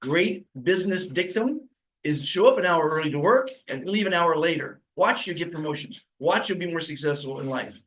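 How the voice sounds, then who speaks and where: A man's voice: a little high, lively intonation, moderate pace, a bit bright, slight background noise, rough recording. A man from Los Angeles hosting a podcast, giving a rambling, emphatic motivational monologue with chuckling asides. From Los Angeles, USA. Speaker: podcast host.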